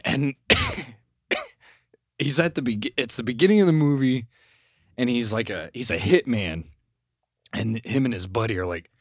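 A young podcast co-host rambles through a story, laughing a lot and swearing casually in crude language. His medium-pitched voice moves at normal speed with frequent pauses, recorded at studio quality with no room sound.

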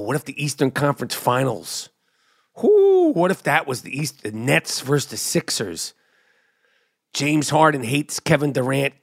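A middle-aged man with a high voice hosts a podcast and rants through a sports monologue. He sounds animated and emphatic, jumping up in pitch to punch his points. He talks into a studio microphone. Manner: animated, emphatic, drops to mock whisper. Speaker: podcast host. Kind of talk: energetic sports commentary monologue. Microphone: studio podcast mic.

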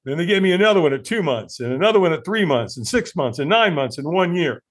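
A man in his sixties from the United States, a podcast guest telling his own story in an earnest, animated way with frequent fillers and restarts. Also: fairly high pitch, fast talker, breathy edge. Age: 60s. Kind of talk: conversational storytelling interview.

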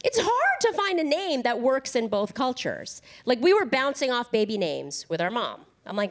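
A woman's voice: fairly high pitch, normal speed, hardly any pauses. Wry Korean American woman doing stand-up. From United States. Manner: wry, deadpan storytelling. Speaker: stand-up comedian. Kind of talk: stand-up comedy set.

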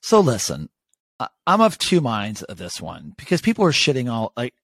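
Animated sweary man talking sports. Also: medium pitch, normal speed, no echo. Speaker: podcast co-host. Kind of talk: casual sports chat.

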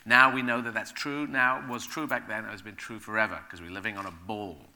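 A man speaking as a guest onstage at a live event, rambling and animated, often laughing as he talks. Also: on the low side, a little fast.

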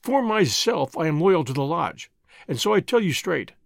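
A man's voice: a little high, sing-song, normal speed, creaky, no echo, clean studio sound. A man reading the part of a stern, cautious young newcomer to a secret lodge. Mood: firm.

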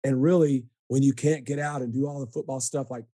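A man hosting a podcast with a mellow, warm tone, recorded close and dry with no room around him. He speaks in an easygoing way, often stalling and repeating words before he finds his point. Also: mid-range voice, fairly even intonation, breathy edge, no echo. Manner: easygoing, halting with restarts. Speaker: podcast host. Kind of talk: casual podcast interview.

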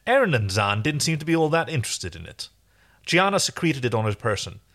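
Bright, lively man reading a story. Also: medium pitch, brisk. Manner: animated, joking asides. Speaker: reader. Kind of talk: reading fan fiction aloud.

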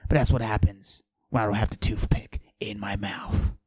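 A man playing a boastful macho character, pushing his voice low and husky and often dropping to a whisper while he brags deadpan. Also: moderate pace, dry recording. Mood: swaggering. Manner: boastful, deadpan absurd bragging. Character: cocky macho man with a forced deep voice. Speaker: podcast host. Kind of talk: comic character monologue.

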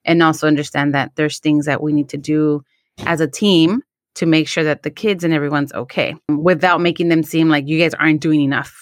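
A young adult woman co-hosting a podcast shares a candid personal story in casual chat, mixing in Spanish phrases and some swearing. Her voice sits low with a steady tone and brisk pace, recorded at studio quality with no room sound.

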